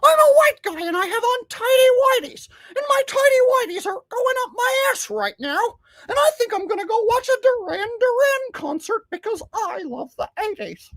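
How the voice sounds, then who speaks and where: A man putting on the voice of a lame, nerdy white guy, very high and prissy. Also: big pitch swings, moderate pace, fairly bright tone, no room sound, exaggerated voice. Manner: high, nasal, prissy delivery.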